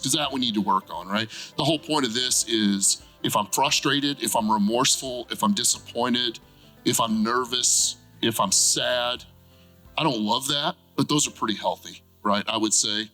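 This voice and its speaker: A man talking through ideas in a relaxed conversational way, often checking in with "right?". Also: mid-range voice, moderate pace, soft background music, poor audio. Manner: animated, frequent "right?" tag questions. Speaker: therapist guest. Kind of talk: conversational explanation.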